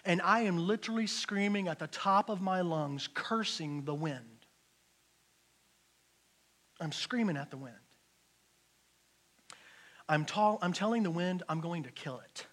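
A middle-aged man giving a personal testimony in church, telling his story in an animated way and often repeating words. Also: high voice, a little slow, long pauses.

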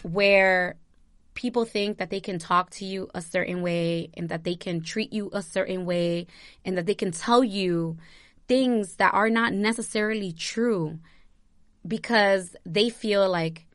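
A woman's voice: mid-range voice, unhurried, dry recording. A young woman from New Jersey vlogging, giving impassioned personal commentary that circles back on itself, close to tears and swearing freely. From New Jersey, USA.

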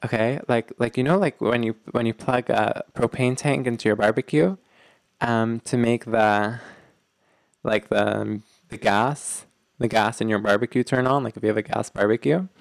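A man's voice: medium pitch, steady tone, normal speed, gravelly, no echo. A man hosting a relationship advice talk, speaking earnestly and emphatically, often checking in with the listener and rambling with many fillers. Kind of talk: direct-to-audience advice talk.

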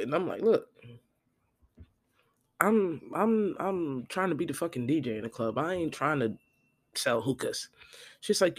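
A podcast host telling a profane, animated story in a casual monologue, quoting the people in it. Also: male voice, fairly high pitch, unhurried, long pauses, breathy edge. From Florida.

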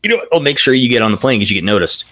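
A man's voice: mid-range voice, lively intonation, rapid-fire, a bit bright, no echo, studio quality. A man co-hosting a casual podcast chat, bantering bluntly and swearing freely. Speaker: podcast co-host, airline pilot.

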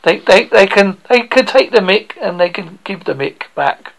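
A Devon-accented man hosts a casual radio interview, talking with a gravelly edge to his voice. He tells stories and cracks jokes in a relaxed, chatty way. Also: high voice, normal speed, rough recording. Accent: Devon English. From England. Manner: joking, chatty storyteller. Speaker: radio show host.

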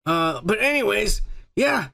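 Podcast co-host, male, gravelly, profane banter. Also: high voice, very animated, measured pace, pushed and bright. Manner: crude, profane, joking banter. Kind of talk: casual chat.

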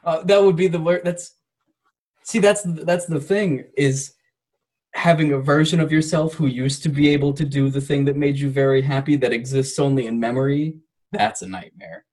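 A young man, a podcast guest, telling personal stories in casual chat, reflective and earnest, with bursts of animated laughter. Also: on the high side, moderate pace, low-quality recording.

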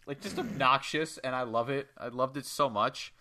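A man excitedly recapping a wrestling match in casual, profane chat. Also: mid-range voice, normal speed. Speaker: podcast co-host.

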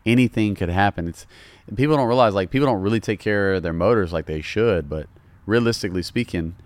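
A man's voice: lowish voice, fairly quick. A man with a Southern US accent, a podcast guest talking loosely and casually, calling people bro. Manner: laid-back, loose, calls people bro. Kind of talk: casual chat.

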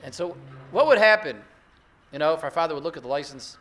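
High-pitched, bright-voiced rabbi giving a sermon. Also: male voice, quick pace. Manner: rhetorical, builds to excited emphasis. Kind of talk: Torah sermon.

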